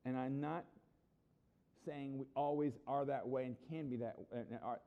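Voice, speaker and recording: Animated male preacher, dull lo-fi sound. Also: mid-range voice, moderate pace. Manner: animated, conversational preaching with asides. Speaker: pastor. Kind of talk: sermon.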